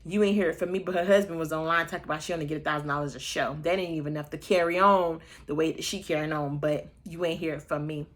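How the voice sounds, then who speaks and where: Woman, 30s, vlogger: sassy gossip recap, slightly low voice, breaks into high, exaggerated voices when she quotes people. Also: steady tone, quick pace, few pauses. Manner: sassy, chatty and playfully shady. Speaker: vlogger recapping a reality show. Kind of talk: casual gossip commentary.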